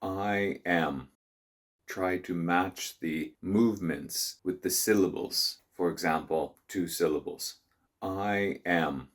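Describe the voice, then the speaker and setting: A man narrating a teaching guide, demonstrating phrases slowly and deliberately. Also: low voice. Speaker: teacher trainer. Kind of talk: instructional narration.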